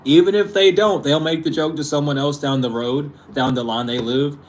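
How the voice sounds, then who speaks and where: A man's voice: fairly high pitch, steady tone, moderate pace. A young man hosting his channel, ranting casually with exasperation, frequent swearing and laughter. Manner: exasperated, profane, laughing often. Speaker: spiritual channel host.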